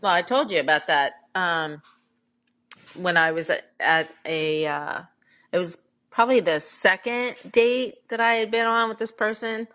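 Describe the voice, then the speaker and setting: Candid middle-aged woman with a low voice. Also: a little slow, fairly bright tone. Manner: candid storytelling with frequent fillers. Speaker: podcast co-host. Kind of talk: casual chat.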